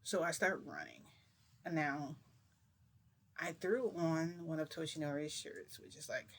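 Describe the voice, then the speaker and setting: A woman telling a long personal story in a casual, rambling way, full of fillers and restarts, keeping her voice low. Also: sing-song, unhurried, a little hiss or hum. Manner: rambling, filler-heavy retelling with many restarts; speaks low to keep quiet. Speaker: storytime vlogger.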